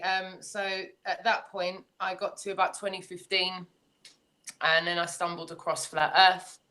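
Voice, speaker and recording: A woman's voice: low-pitched, a bit bright. An English woman on a video call, telling a long story casually and hedging a lot with "kind of". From England. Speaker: guest panelist.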